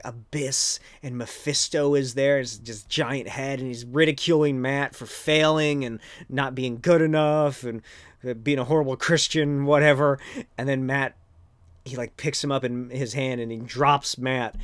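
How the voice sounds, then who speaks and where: Guy on a podcast rambling through a comic recap, swears a lot, dry close sound, middle pitch. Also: no echo. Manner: rambling, profane, lots of filler words. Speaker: podcast host. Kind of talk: casual comic book recap.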